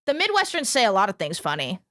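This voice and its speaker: A woman's voice: mid-range voice, a bit bright, no echo, studio quality. A young woman streaming, chatting casually with her chat in a playful, exclaiming, mock-ranting way, swearing freely. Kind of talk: casual livestream chat, reacting to chat.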